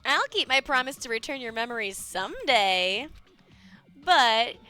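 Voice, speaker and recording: A woman's voice: a little high, big pitch swings, unhurried, bright, forceful tone, soft background music, heavily acted. Woman reading as a smug teasing bear mascot.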